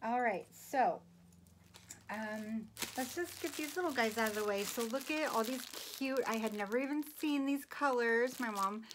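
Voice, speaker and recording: A woman vlogger chatting casually about her gifts, gushing and giggling, sometimes dropping to a soft whisper. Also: fairly high pitch, moderate pace, background noise. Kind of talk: casual chatty haul video. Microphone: phone.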